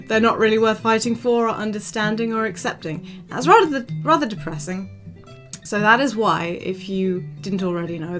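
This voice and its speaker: A young woman streaming, chatting casually with her viewers, rambling with many ums and soft laughs. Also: mid-range voice. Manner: rambling, frequent ums, soft laughs, talks to chat by name. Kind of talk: casual livestream chat. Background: soft guitar music.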